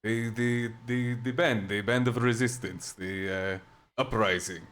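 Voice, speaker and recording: A man voicing an orc man who is an ally of a rebellion. He speaks in a slow, halting way and repeats his words in a tabletop game. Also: on the low side, steady tone, a bit bright, clear, resonant tone. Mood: solemn. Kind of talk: tabletop roleplay in character.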